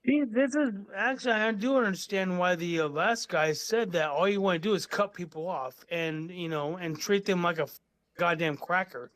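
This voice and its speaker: A man's voice: high-pitched, normal speed, a bit bright, no echo. A man calling in to a show, angry and defensive, cursing at the host. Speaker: caller. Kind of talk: heated call-in argument. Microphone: phone call.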